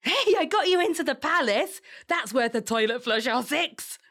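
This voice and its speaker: An actress voicing a cheeky, bossy non-human sidekick in a fantasy audio drama. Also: female voice, high-pitched, lively intonation, normal speed, fairly bright tone. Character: cheeky non-human female fairy helper.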